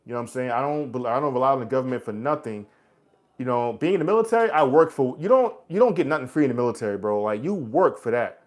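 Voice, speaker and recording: A man's voice: medium pitch, animated, fast talker, a little mellow. A man in his forties hosting a casual live chat. He answers viewers' comments bluntly and preaches at them, calling them "bro" and "man" in American street talk. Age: 40s. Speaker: livestream host.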